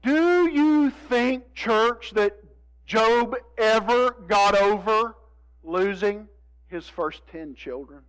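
A man preaching a sermon, moving between hushed, drawn-out lines and emphatic appeals to his congregation. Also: high-pitched, clean tone, poor audio. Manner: dramatic, swings from hushed to emphatic, addresses congregation. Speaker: pastor.

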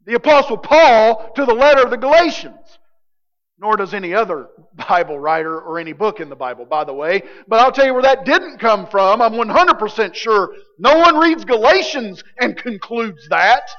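A man preaching a sermon as pastor, animated, swinging from loud emphatic lines to quiet low ones. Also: moderate pace. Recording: dull lo-fi sound with long hall reverb.

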